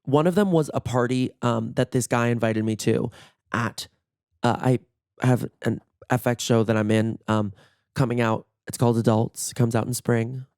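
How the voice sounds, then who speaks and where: Hoarse gossiping man, dry close sound. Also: medium pitch, normal speed, no echo. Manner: gossipy, animated, swears often, acts out quotes. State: voice worn out, hoarse. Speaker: podcast host. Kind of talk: casual solo storytelling. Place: in bed at home.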